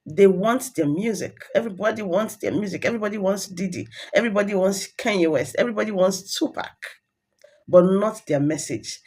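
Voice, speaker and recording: A woman's voice: mid-range voice, brisk, darkish tone, breathy edge. A woman hosting her channel, delivering scripted commentary in rhythmic, declamatory parallel phrases. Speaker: channel host.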